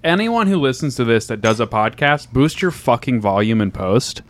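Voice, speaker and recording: Rambling deadpan podcast host man. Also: medium pitch, moderate pace. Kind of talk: casual podcast chat.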